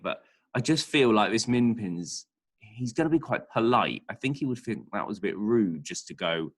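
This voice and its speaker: A man's voice: on the low side, expressive, moderate pace, fairly bright tone. A male primary school teacher, chatting and thinking aloud as he writes a lesson. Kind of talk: remote writing lesson.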